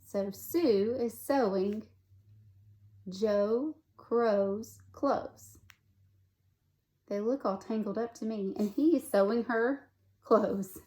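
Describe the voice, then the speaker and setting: Slow-reading woman teacher. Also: fairly high pitch. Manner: gently comments on pictures and asks children questions. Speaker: first grade teacher. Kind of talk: reading a picture book aloud to children.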